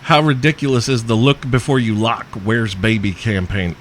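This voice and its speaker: A podcast host with a medium-pitched, fairly even voice at normal speed answers listener questions. It's a crude comedic rant, profane and jokey, with frequent chuckles.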